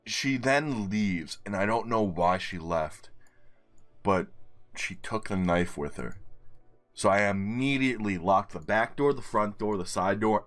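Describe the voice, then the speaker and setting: Low-voiced man telling a story while gaming. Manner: animated storytelling, casual swearing. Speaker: game streamer. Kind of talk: casual gameplay commentary and storytelling.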